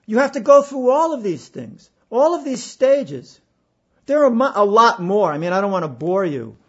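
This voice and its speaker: A man giving a reflective spiritual talk, halting and emphatic, with pauses and repeated phrases. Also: high-pitched, very animated, slightly rough, lo-fi sound. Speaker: spiritual speaker.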